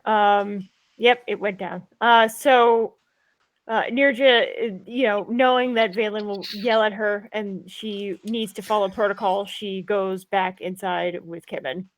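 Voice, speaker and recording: A woman playing a tabletop role-playing game, describing her character's actions and speaking for her, halting and full of fillers. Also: mid-range voice, steady tone, no echo. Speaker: player.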